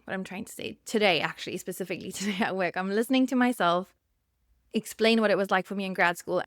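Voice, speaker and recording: A woman's voice: medium pitch, no room sound, studio quality. A woman in her thirties, hosting a podcast alone, speaking candidly and getting choked up with emotion. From South Africa. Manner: candid, emotional, laughs softly. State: choked up, near tears. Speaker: podcast host and therapist. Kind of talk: personal monologue podcast.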